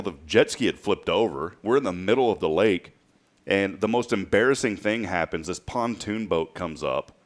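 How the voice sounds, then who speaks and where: A man in his late thirties hosting a show, telling stories in a casual, chatty way and laughing often. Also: deep voice. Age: late 30s. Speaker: podcast host. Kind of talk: casual chat.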